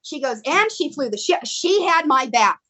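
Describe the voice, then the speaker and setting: Over a rough video-call recording, a middle-aged American woman, a guest actress, chats casually at a moderate pace. She tells her stories with animation and voices quotes in a high pitch.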